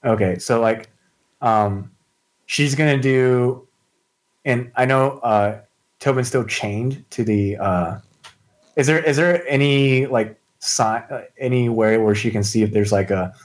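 A man playing a tabletop game, asking questions in a halting way with many "like"s and restarts. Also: medium pitch. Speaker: player. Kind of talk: casual tabletop play.

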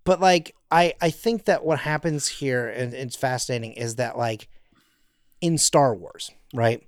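A man's voice: medium pitch, unhurried, no room sound, clean studio sound. A man co-hosting a podcast in casual chat, rambling with lots of fillers and slipping into playful impressions. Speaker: podcast co-host.

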